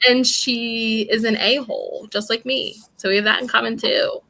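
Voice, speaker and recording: A woman's voice: on the high side, steady tone, normal speed, creaky, bright, forceful tone. A young woman from New York, co-hosting a podcast and chatting casually, blunt and rambling, laughing often. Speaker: podcast co-host. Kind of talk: casual chat.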